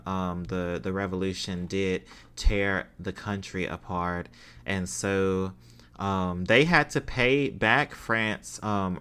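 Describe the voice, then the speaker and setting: Bright, crisp-voiced man talking history. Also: low-pitched. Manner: many fillers and restarts, hesitant, self-deprecating asides. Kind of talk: casual spoken history talk, reading from notes.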